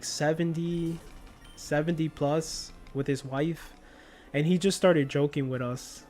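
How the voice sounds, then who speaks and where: Young man, casual streamer chat, laid-back storyteller, slangy, slightly high voice. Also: a little mellow. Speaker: livestreamer. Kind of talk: casual chat while gaming.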